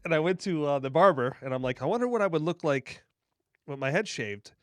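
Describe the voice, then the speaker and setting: A man's voice: on the high side, lively intonation, brisk, no room sound. A middle-aged man hosting a podcast, chatting casually and telling personal stories in an easygoing way. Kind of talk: casual chat.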